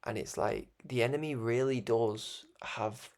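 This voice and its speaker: Gravelly Scouse man musing aloud. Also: medium pitch, unhurried, darkish tone. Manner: rambling, restarts often, chuckles between thoughts. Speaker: broadcast host. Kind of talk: reflective spoken monologue.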